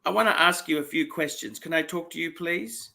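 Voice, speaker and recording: A man hosting a casual livestream chat about watches, laughing often and repeating himself when excited. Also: on the high side, a little fast, creaky. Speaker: livestream host.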